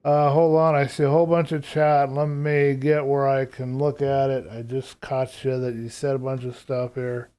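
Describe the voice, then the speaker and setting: A man's voice: mid-range voice, flat delivery, normal speed, few pauses, warm tone, clear, resonant tone. A man streaming live gameplay, rambling casually as he thinks aloud about what to build next. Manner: thinks aloud while planning.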